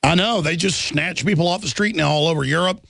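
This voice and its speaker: A man hosting a talk radio show, brash and mocking, talking fast and excitably with a caller. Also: a little high, no room sound, studio quality. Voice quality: gravelly. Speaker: radio host.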